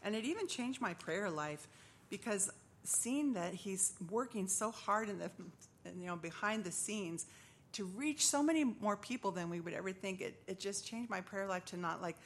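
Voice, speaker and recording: A woman's voice: mid-range voice, lively intonation, normal speed, slight background noise. A middle-aged woman giving a personal testimony at church, telling her story earnestly and acting out the voices of the people in it.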